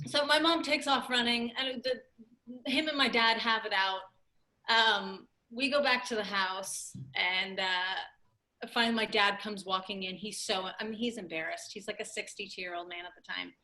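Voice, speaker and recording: Bright-voiced young woman telling a funny story. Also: medium pitch, moderate pace. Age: late 20s. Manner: animated, laughing storyteller with many "like"s. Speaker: comedian guest. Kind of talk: storytelling on a comedy podcast.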